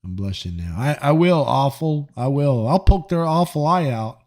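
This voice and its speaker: A man hosting a live stream, chatting casually with viewers in a joking, profane and animated way. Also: mid-range voice, moderate pace. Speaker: livestream host reading chat.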